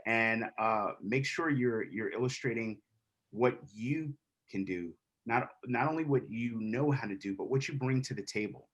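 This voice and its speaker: A man's voice: mid-range voice, measured pace, fairly bright tone, highs cut off. A man who works as a DJ and producer, chatting on an online panel in a friendly way and jumping in to add his points. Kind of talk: panel discussion.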